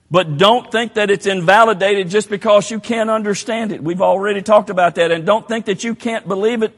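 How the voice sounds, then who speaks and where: A high-voiced man preaches a sermon in a church. He tells a story, dropping to a hush and then building to shouts. Long reverb from the hall hangs on every phrase. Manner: storytelling, swelling from hushed to shouted.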